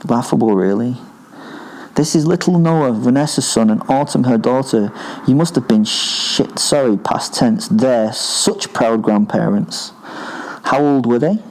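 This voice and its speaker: A man narrating a first-person horror story in a menacing, profane, deliberate way. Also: mid-range voice, darkish tone, low-quality recording.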